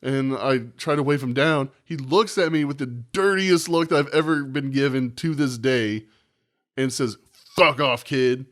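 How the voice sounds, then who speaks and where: A man's voice: mid-range voice, normal speed. A man in his thirties co-hosting a podcast, telling a profane anecdote in casual chat and acting out the quotes. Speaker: podcast co-host.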